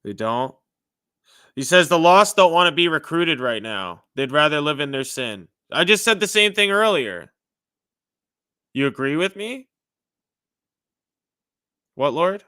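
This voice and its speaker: A man preaching casually on a livestream, asking God questions aloud and chatting with viewers, with swings from loud declarations to hushed apologies. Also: fairly high pitch, expressive, a little slow, long pauses, smooth, dry recording, clean studio sound. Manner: casual, chatty with viewers, uses "dude" and "you know". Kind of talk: casual livestream testimony and prophecy.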